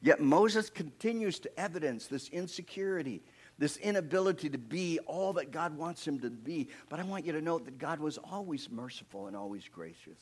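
A middle-aged man preaching a sermon with animated storytelling, swinging between soft, low asides and loud, emphatic passages. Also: normal speed, slightly rough. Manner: earnest, personal asides.

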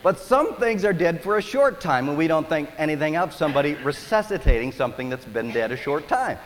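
A man preaching a sermon as pastor, telling stories with animated, dramatic delivery. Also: a little high, brisk, in a large hall, rough recording.

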